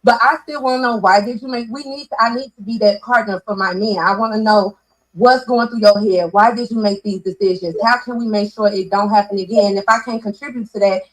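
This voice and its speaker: A woman's voice: medium pitch, brisk, low-quality recording. A woman on a podcast panel, explaining her view earnestly at length with many restarts. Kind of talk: casual debate chat.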